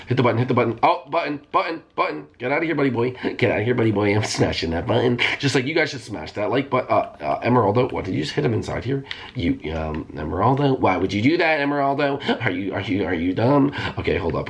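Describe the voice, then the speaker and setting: Guy doing lets play commentary, gravelly low voice, pitch all over the place, gets super hyped. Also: fast. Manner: excitable, shouting and squealing at game moments. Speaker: gaming channel host. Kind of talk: live gameplay commentary.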